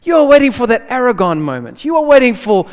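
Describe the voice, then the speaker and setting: A man preaching a lively sermon in casual slang, swinging between loud bursts and hushed asides. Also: very high voice, fast. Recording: long hall reverb.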